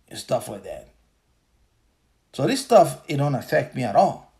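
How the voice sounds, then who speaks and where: A man's voice: mid-range voice, big pitch swings, moderate pace, pauses often, mellow. A man hosting a livestream podcast in a casual, profane rant, repeating himself and laughing as he talks. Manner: profane, repetitive, laughs while talking. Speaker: podcast host.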